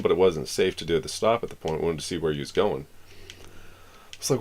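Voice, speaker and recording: His voice sits low, expressive, fast, and a little mellow. Live-streaming from a casual, rambling angle, this man from Florida recounts a long story and acts out the other people's lines.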